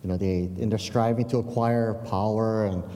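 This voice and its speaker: Low, mellow-voiced male preacher. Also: fairly even intonation, normal speed, big-room sound. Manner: conversational, repeats words, asks "yeah?". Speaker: pastor. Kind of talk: sermon.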